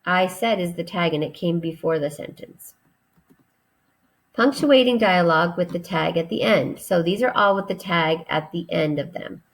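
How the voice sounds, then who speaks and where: A woman teacher giving a recorded grammar lesson to children, patient and deliberate as she spells out each step. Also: on the low side, creaky.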